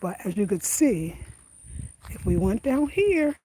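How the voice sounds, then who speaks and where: A woman's voice: mid-range voice, big pitch swings, measured pace, dark tone, a little hiss or hum. A chatty woman vlogging at home, laughing often and talking in a casual, slangy way. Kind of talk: casual chat to camera. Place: outdoors at night on a country road, then indoors at home.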